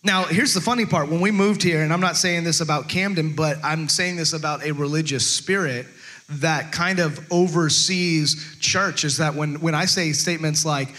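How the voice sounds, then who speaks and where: A man's voice: on the high side, moderate pace, sharp tone. A male pastor giving a chatty, humorous sermon, stumbling over restarts and acting out quotes.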